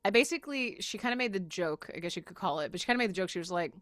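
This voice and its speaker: A woman's voice: fairly low pitch, lively intonation, racing, a bit bright, dry recording. Chatty Southern woman, dry sound. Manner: chatty, rambling, laughs often. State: sick and exhausted. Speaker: spiritual channel host. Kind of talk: casual talk to camera.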